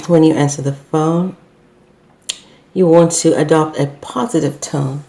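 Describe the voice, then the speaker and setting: A woman's voice: low voice, fairly even intonation, slow, mellow. A middle-aged woman and business owner, teaching customer service in an unscripted talk, hesitant with many fillers and self-corrections.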